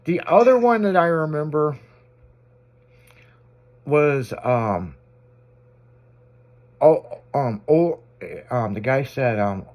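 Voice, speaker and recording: A man's voice: on the high side, animated, takes it slowly, pauses often, dull audio. A man hosting a radio show, telling stories in casual banter with crude language and frequent laughter.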